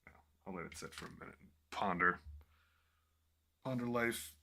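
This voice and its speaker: A man casually thinking aloud to himself while painting a miniature in his small home office, relaxed and self-deprecating. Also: low-pitched, moderate pace, gravelly, a little hiss or hum.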